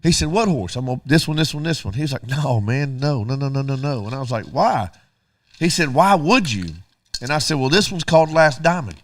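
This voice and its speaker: A man's voice: medium pitch, expressive, brisk, dry recording. A middle-aged man, co-hosting a radio show and telling a story casually while acting out both sides of the dialogue.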